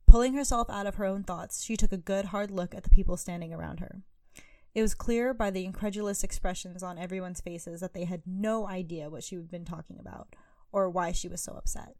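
Mellow woman reading a story. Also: lowish voice, fairly quick, dry recording.

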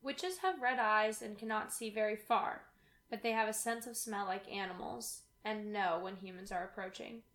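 A woman reading a fairy tale aloud in a clear storytelling manner. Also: medium pitch, moderate pace, fairly bright tone, echoey room. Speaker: reader.

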